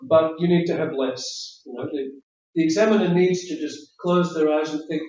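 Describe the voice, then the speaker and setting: English examiner in a roomy classroom. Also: male voice, a little high, moderate pace, darkish tone. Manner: friendly, chatty, explanatory, repeats words. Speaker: IELTS speaking examiner giving feedback. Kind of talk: spoken feedback after mock test. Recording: roomy, distant, dull classroom audio.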